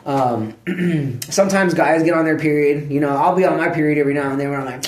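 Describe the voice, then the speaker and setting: A man talks to the camera at home in loose, rambling chat, his voice sitting a little high. He swears freely, leans on filler words and keeps clearing his throat. The sound bounces around an echoey room. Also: normal speed. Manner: rambling, profane, full of "like" fillers. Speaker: vlogger.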